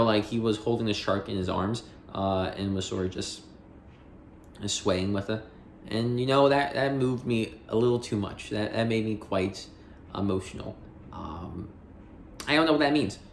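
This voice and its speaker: A man's voice: fairly low pitch, gravelly, roomy sound, a little hiss or hum. A man hosting a dictionary audiobook, chatting in a rambling, jokey way with self-interruptions, then reading entries aloud.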